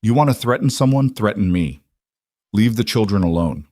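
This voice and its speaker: A man's voice: lowish voice, expressive, moderate pace, darkish tone, no echo, studio quality. A man playing a firm young schoolteacher woman. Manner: firm, earnest. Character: brave young female schoolteacher, steady and principled.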